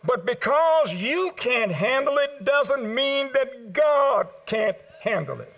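An older male pastor with a strikingly high voice delivers a sermon. He works the congregation with call and response, lifting into sung exclamations and then sinking to quiet asides. He tells his listeners to write his points down. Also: expressive, slow. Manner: rhythmic call-and-response preaching, swings from loud sung exclamations to low murmurs; addresses congregation directly, asks them to write down points. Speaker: preacher.

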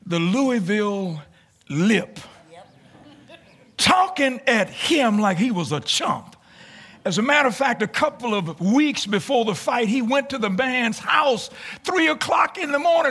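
A man preaching a sermon in church, emphatic, building to shouted lines and repeating his phrases. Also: sits high, husky.

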